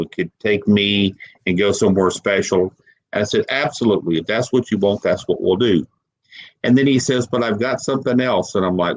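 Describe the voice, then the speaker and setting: Emotional man with a low voice. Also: rough recording. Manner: emotional, halting, repeats words. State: holding back tears. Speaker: guest paranormal investigator. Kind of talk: personal storytelling in an interview.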